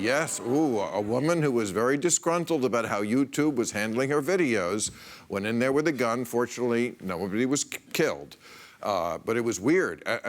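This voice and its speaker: A middle-aged American man delivering a sarcastic stand-up monologue as a late-night comedy host in a television studio before a live audience. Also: medium pitch. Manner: wisecracking, sarcastic, laughing between jokes. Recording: loud studio audience laughter and noise.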